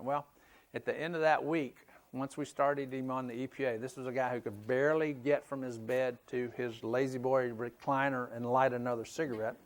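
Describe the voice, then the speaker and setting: Middle-aged male conference speaker, folksy storyteller, mid-pitched, conversational lecture. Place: conference hall.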